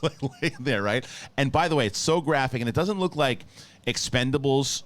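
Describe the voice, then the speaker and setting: This man hosts a movie review show, talking a little fast in a medium-pitched voice. His spoiler review is excited and rambling, packed with swearing and sentences he keeps restarting.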